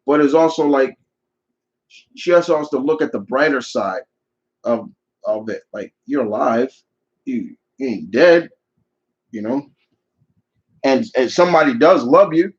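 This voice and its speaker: A man's voice: medium pitch, lively intonation, a little slow, long pauses, dull audio. Opinionated man hosting a live Q&A. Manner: opinionated, rambling with frequent restarts. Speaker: channel host answering viewer questions. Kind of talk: live Q&A chat.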